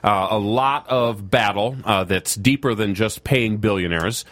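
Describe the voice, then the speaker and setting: A man's voice: on the low side, unhurried, fairly bright tone, dry recording. A man co-hosting a podcast in casual chat, joking and stumbling over his words. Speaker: podcast co-host.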